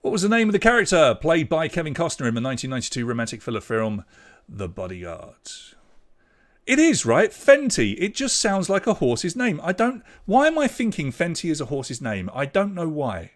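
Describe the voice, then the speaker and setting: A man's voice: a little high, wildly swooping pitch, fairly quick. A man running an online pub quiz, reading out questions and leaderboard standings. He talks casually and fills the gaps with chatty jokes and asides. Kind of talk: live quiz hosting, casual chat.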